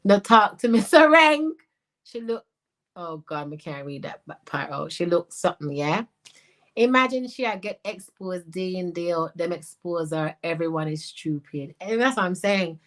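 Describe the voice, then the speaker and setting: A middle-aged woman from Jamaica with a Jamaican accent, hosting a casual livestream, talking in an animated, blunt way and mixing in patois. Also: on the low side, normal speed, poor audio. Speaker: livestream host reading viewer chat.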